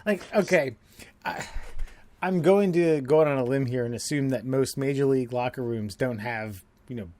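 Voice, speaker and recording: A man's voice: mid-range voice, normal speed, warm tone. A man co-hosting a podcast, rambling with many restarts and laughing often in casual chat. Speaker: podcast co-host.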